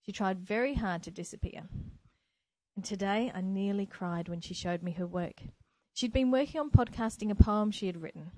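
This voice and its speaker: Enthusiastic teacher woman, mellow dry voice. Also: mid-range voice, moderate pace, a little hiss or hum, poor audio. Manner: earnest, enthusiastic. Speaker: teacher and podcaster. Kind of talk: solo educational podcast. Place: home, by a window. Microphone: microphone.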